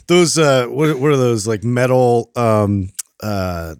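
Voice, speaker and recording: A man's voice: medium pitch, takes it slowly, a little mellow, smooth, dry recording. A man with a mid-range voice talks loosely, leaning on "like" and trailing off as he searches for words. His voice is recorded close and dry. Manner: loose, filler-heavy talk with many "like"s. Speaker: podcast co-host. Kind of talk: casual chat.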